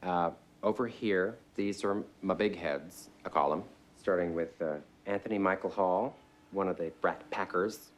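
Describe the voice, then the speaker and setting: An actor playing an eager, theater-obsessed middle-aged shop owner who talks in an earnest, rambling way in a mockumentary interview. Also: male voice, deep voice, a little slow. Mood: gushing. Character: eager theater-mad middle-aged man, sweetly self-absorbed.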